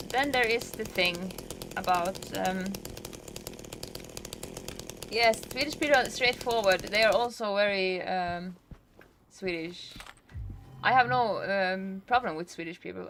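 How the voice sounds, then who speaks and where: A woman's voice: medium pitch, a bit bright, a little hiss or hum, rough recording. A Norwegian woman from the north with a Northern Norwegian accent, chatting casually and rambling while streaming a game. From northern Norway. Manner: rambling, heavy use of "like" fillers. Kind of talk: casual chat while gaming.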